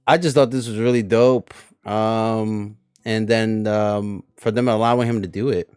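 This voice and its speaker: A man's voice: on the low side, steady tone, measured pace, a little mellow, clear, resonant tone, no echo, clean studio sound, soft background music. A man hosting a casual reaction stream, rambling loosely with crude humor.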